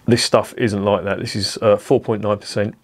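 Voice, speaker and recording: A man reviewing a beer in a casual vlog, meandering from tangent to tangent with plenty of ums. His voice sits a bit low, and his talk is chatty and unpolished with the odd swear word. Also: level tone, moderate pace. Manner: rambling, chatty, with swearing and many fillers.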